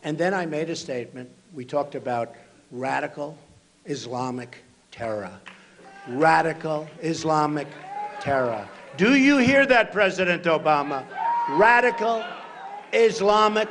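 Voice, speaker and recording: A man in his sixties giving a campaign rally speech at a podium, repeating short punchy phrases and breaking into shouts. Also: high-pitched. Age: 60s. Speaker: political candidate at a rally. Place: large rally venue.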